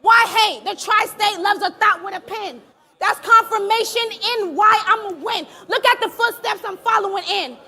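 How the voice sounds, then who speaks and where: A woman performing a live battle rap, taunting her opponent with aggressive, shouted punchlines. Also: very high voice, moderate pace. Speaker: battle rapper. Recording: live event with crowd behind.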